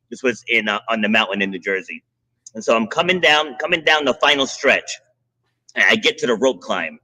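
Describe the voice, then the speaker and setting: A man hosting a podcast who tells a coaching story in a lively, casual way, chuckling now and then. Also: mid-range voice, a little fast, slightly rough, rough recording. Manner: animated anecdote with chuckles.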